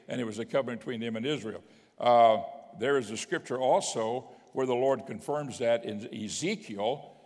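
A man's voice: medium pitch, a little mellow. A man preaching a sermon as a bishop, speaking conversationally, reading scripture aloud and chuckling now and then. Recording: long hall reverb.

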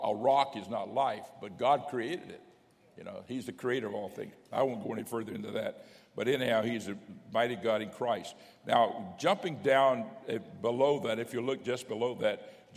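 A man's voice: on the low side, gravelly. An older man, a bishop, preaching a folksy teaching sermon and reading scripture aloud with rising emphasis. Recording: long hall reverb.

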